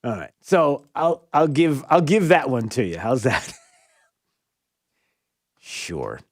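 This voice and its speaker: A man hosting a talk radio show, giving animated, sarcastic commentary and often laughing at his own remarks, on a studio microphone. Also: medium pitch, slow, no echo.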